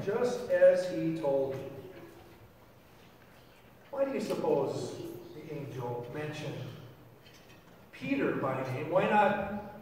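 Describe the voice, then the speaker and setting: A pastor delivering a sermon in a church sanctuary, his voice pitched high and ringing through a long, echoey hall. He is animated and playful, often stopping to ask the congregation questions. He is picked up from far off, with faint room noise underneath. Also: slow pace, pauses often.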